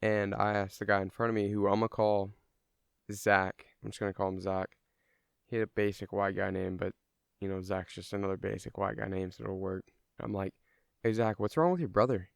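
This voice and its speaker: A man's voice: low-pitched, monotone, moderate pace, vocal fry, clear, resonant tone, no room sound, studio quality. A young man telling a personal story in a casual, rambling way, swearing freely and using lots of fillers. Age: young adult.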